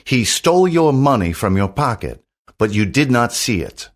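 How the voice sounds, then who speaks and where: A man's voice: medium pitch, big pitch swings, moderate pace. A man voicing a proud boy king in rags who speaks in a haughty, indignant way while reading a storybook aloud. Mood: angry.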